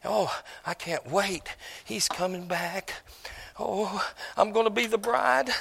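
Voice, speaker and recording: A man's voice: sits high, takes it slowly, creaky, fairly bright tone, slight background noise, full character voice. A man voicing a young lovestruck shepherdess bride, breathless and gushing. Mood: dreamy.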